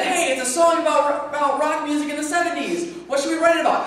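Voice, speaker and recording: A man's voice: very high-pitched, steady tone, fast, noisy background. A man doing stand-up comedy at an open mic, with a rambling delivery full of fillers, talking through his own laughs. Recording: echoey room from far off.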